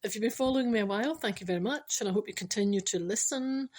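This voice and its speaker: A Scottish woman in middle age talks through her spiritual podcast in a loose, chatty way. She teases herself and slips into whispered asides. Her pitch sits in the ordinary middle range for a woman. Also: quick pace, darkish tone. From Scotland. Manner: self-mocking, playful, drops into whispered asides. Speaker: podcast host.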